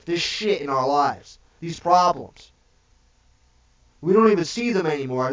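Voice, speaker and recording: A man delivers a heated, preachy rant on a live stream, swearing freely and tagging nearly every point with "okay?". His voice sits fairly high for a man. It comes across dull and muffled, picked up from a little way off the mic. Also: moderate pace, recorded from a distance. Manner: preachy and profane, repeating "okay?" after each point. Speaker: livestream host. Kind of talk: impassioned livestream rant.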